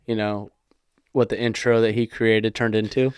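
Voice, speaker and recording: A young man co-hosting a podcast in casual chat, joking with quick comebacks. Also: on the low side, little pitch movement, a little mellow, clear, resonant tone, dry recording. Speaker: podcast co-host.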